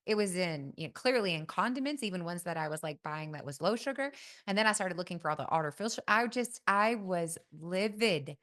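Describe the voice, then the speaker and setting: A woman's voice: on the low side, lively intonation, brisk, fairly bright tone. A middle-aged woman hosting a podcast, telling a personal story in a casual, folksy way and often saying "y'all". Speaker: podcast host.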